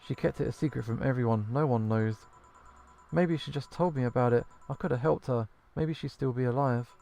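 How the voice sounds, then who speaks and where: Man voicing a halting, uneasy bartender woman from a game, gravelly, soft game music behind. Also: mid-range voice, close to an everyday voice. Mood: regretful. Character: bartender woman, anxious and bitter. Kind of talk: reading game dialogue aloud.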